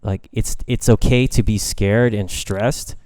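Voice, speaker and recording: A man's voice: on the low side, steady tone, unhurried, a little mellow, no room sound, clean studio sound. A young man co-hosting a podcast, talking in a rambling, hesitant way with lots of fillers. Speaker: band member, podcast co-host. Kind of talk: casual chat.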